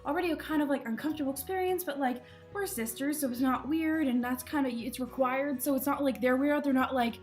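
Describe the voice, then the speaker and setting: A woman's voice: high-pitched, fairly quick, hardly any pauses, a little mellow, faint music behind. A young woman casually telling embarrassing travel stories to camera, chatty and self-deprecating, laughing often. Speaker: vlogger.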